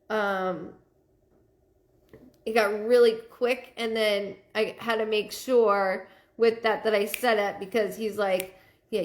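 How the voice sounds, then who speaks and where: A woman hosting a live stream as a psychic medium. She thanks viewers by name and relays messages in a searching, halting way. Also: fairly high pitch.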